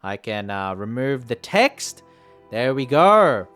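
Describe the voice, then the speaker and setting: Relaxed, slow-talking male streamer. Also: medium pitch, clean tone, soft background music. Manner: chatty, laughs often, self-mocking. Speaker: streamer playing a story game. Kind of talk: casual live-stream chat.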